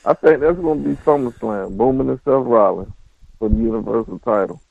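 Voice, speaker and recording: Man, gravelly laid-back co-host, dry muffled lo-fi sound. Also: mid-range voice, brisk, dry recording. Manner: laid-back, wisecracking, laughs a lot. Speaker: podcast co-host. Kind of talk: casual chat about wrestling. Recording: dull lo-fi dry audio.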